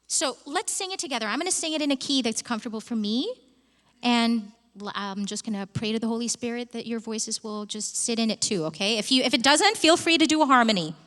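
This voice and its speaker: A woman leading a live vocal workshop as a coach, chatty and expressive with the audience in a conference hall. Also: a little high, a little fast. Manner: expressive and chatty, addresses the room. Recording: long hall reverb.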